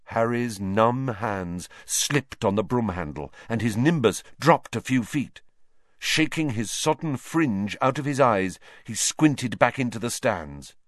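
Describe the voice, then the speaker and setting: A man's voice: fairly low pitch, lively intonation, slow pace, no echo. A male reader narrates a story with lots of movement in his voice, rising and falling through the scenes. He voices each character himself. The sound is dry and close, with no room around him. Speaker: audiobook reader.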